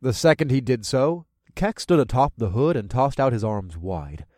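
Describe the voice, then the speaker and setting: A man reading first-person fantasy narration in an expressive, lively way. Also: medium pitch, moderate pace, no echo, clean studio sound. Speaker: audiobook narrator.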